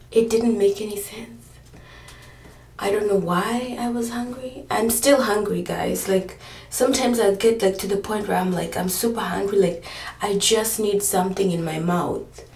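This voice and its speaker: Chatty pregnant woman with a gravelly voice. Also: mid-range voice, steady tone, measured pace, reverberant, distant mic. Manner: rambling, filler-heavy storytelling. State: pregnant, often out of breath. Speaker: vlogger. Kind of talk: casual chat.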